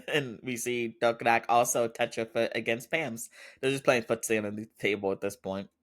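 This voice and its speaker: A man's voice: medium pitch, animated, normal speed, a bit bright. A man hosting a podcast, recapping a TV drama in a casual, chatty way with frequent laughter. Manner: chatty, laughs often, loose storytelling with fillers. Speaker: podcast host.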